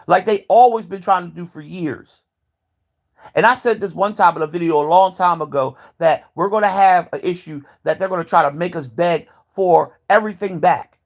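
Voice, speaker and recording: A man vlogging a heated, profane rant, repeating himself as he builds his point. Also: high voice. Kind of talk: ranting commentary.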